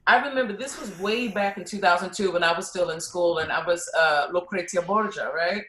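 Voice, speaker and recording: A woman's voice: fairly low pitch, fairly quick, a little hiss or hum. Woman opera singer in a roomy echo. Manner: animated storytelling, frequent "you know". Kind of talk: casual conversation.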